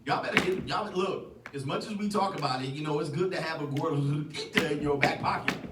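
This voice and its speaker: A man's voice: fairly high pitch, a little fast. A man hosting a casual livestream podcast, joking and rambling with frequent laughs. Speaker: podcast host. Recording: echoey, distant mic, loud noise.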